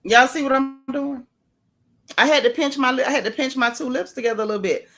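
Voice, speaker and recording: Lady chatting on her livestream, kinda high voice, shouting out folks in the chat. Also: fairly quick. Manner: chatty, greets viewers by name, folksy asides. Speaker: YouTube livestream host.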